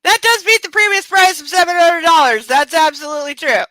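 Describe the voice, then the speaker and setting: A woman hosting a book club livestream, chatting casually and reading aloud, giggling and exclaiming in loud reactions. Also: very high voice, expressive, brisk, hardly any pauses, no room sound, rough recording.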